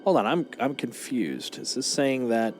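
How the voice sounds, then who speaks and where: A man's voice: medium pitch, unhurried, background noise. A man streaming a video game, chatting playfully and thinking aloud as he sorts his gear. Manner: playful, thinks aloud, lively ups and downs. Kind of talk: casual gameplay chat. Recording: game music behind voice.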